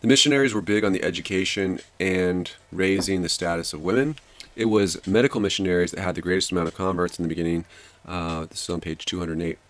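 A man hosting a study channel casually summarizes and explains a history book, thinking aloud with fillers and restarts. His voice sits low and a bit bright, and he talks fast.

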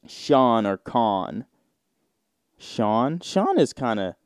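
A man hosting a casual solo podcast, reading search results aloud and riffing on them in a rambling, drawn-out way with sudden mocking outbursts. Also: fairly low pitch, animated, darkish tone, clear, resonant tone, no room sound, clean studio sound. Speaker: podcast host.

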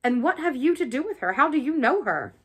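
A woman voicing a brusque, impatient gentleman master of the house who fires off curt questions, in an audiobook reading. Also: high-pitched, big pitch swings, fairly quick, voice pushed up, exaggerated voice.

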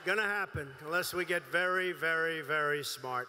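A man's voice: fairly high pitch, normal speed, noisy background. A man giving a campaign rally speech, emphatic and repetitive in his phrasing, at a large venue. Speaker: political candidate. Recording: long reverb of a large hall.

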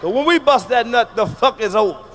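Brief: male stand-up comic, very high voice, brash and profane, faint noise behind him. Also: animated, brisk. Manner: brash, profane, with sudden shouted bursts. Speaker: stand-up comedian. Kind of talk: stand-up comedy routine.

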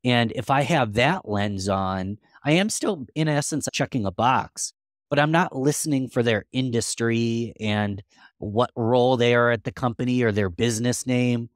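A man's voice: mid-range voice, moderate pace, dry recording, studio quality. A man guest on a podcast interview, answering in an earnest, practical way and thinking aloud.

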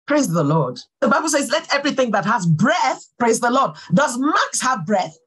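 A woman pastor giving a sermon, fervent and full of praise exclamations, swinging from soft talk to calling out. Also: on the high side, sing-song, normal speed, breathy edge, poor audio.

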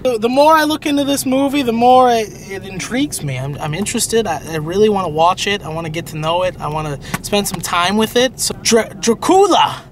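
A young man chats as a co-host in a goofy, hyper way. His voice sits high and swoops all over, jumping into loud excited yelps. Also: brisk, few pauses, slight background noise. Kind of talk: casual comedic chat.

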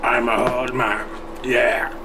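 A man with a Swedish accent speaking deadpan, broken English, boasting over and over in a played online video. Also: mid-range voice, takes it slowly, background noise. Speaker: YouTuber in a played clip.

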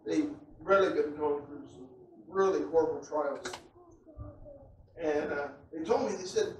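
A man preaching a sermon who repeats himself and builds up to loud, shouted passages. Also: on the high side, a little slow, pauses often. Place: church. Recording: echoey church hall from a distant mic with faint noise.

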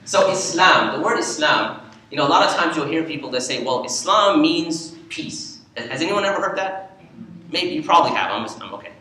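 A man, an imam, gives a talk in a church, telling an animated story to warm up the audience. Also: fairly high pitch. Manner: animated storyteller, lively when quoting. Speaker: imam giving a presentation. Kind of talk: lecture with storytelling. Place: church hall. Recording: echoey hall, from far off.

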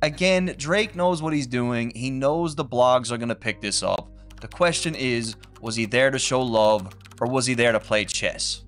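A man narrates an explainer in a scripted but lively way, landing his points with emphatic asides. Faint background music sits behind his voice. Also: mid-range voice, moderate pace, hardly any pauses. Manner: animated storytelling with emphatic asides. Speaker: video narrator.

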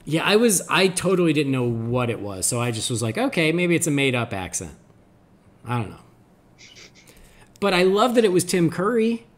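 A man co-hosting a podcast, giving a rambling, animated recap of a cartoon episode in casual chat. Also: on the high side, normal speed. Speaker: podcast co-host.

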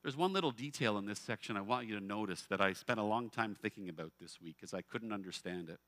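Bright-voiced male pastor preaching. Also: on the low side, fast, no echo. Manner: expressive, with emphatic rhetorical questions. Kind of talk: sermon. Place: church.

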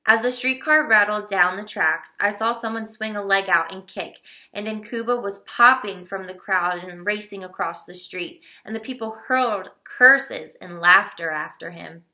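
A woman narrating a children's novel in a steady, expressive reading voice. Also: mid-range voice, normal speed. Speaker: audiobook reader.

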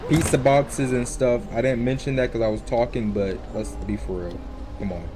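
A young man giving casual, animated let's-play commentary, joking and trash-talking the game's characters. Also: mid-range voice, normal speed, background noise. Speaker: gaming YouTuber. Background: video game music.

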